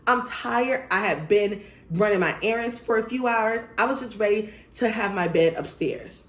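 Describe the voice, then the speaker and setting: A woman vlogger telling a story in casual storytime style, animated, blunt and profane. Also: medium pitch, moderate pace, echoey room.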